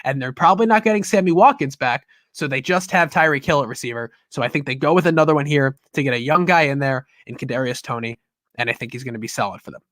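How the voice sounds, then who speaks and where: A man's voice: mid-range voice, quick pace, a bit bright, no echo, studio quality. A man hosting a football podcast, talking through draft picks in a casual, rambling way that often stops and restarts. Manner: rambling, self-interrupting. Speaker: podcast host.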